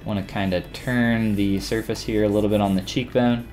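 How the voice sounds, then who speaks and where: A man casually chatting with viewers while he demonstrates 3D sculpting in a live-stream tutorial, relaxed and rambling with frequent restarts. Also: on the low side, moderate pace, faint music behind.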